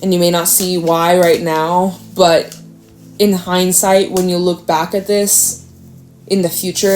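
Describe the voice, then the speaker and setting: A woman giving a casual, chatty tarot reading, animated and talkative, now and then jumping into a high acting voice. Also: unhurried, faint music behind. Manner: chatty, animated, slips into squealy acted quotes. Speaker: tarot reader.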